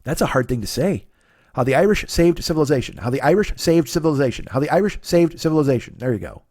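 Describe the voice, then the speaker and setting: A man's voice: on the high side, lively intonation, quick pace, a little mellow, no room sound. Middle-aged male podcast comic, profane stammering ranter, dry close mic. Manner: ranting, stammering restarts, sarcastic. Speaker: comedy podcast host. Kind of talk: profane comedic rant.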